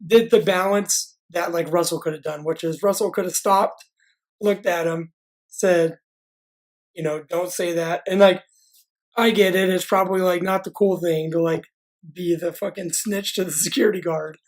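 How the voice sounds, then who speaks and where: A man's voice: high voice, steady tone, moderate pace, rough recording. Rambling man telling a sports story. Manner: rambling storyteller, constant "like" filler. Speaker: podcast co-host. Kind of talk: casual sports chat, anecdote telling.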